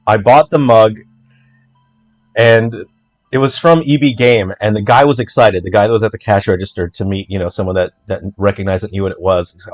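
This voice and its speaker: A man, an indie game developer, talking through his code in a casual walkthrough, chatty and joking with quick asides. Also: on the low side. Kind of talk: casual livestream coding walkthrough.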